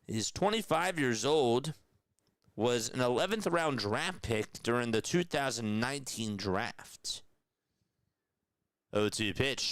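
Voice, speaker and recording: A man's voice: mid-range voice, clean tone, dry recording. Male live-stream baseball play-by-play announcer. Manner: excited, loud greetings to viewers in chat; steady, measured game calls. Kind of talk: radio-style play-by-play with chat shout-outs.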